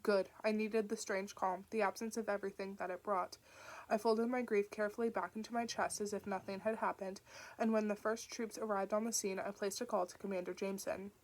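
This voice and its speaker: A woman reading an audiobook aloud, narrating in an even, steady manner. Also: medium pitch, fairly quick. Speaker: audiobook reader.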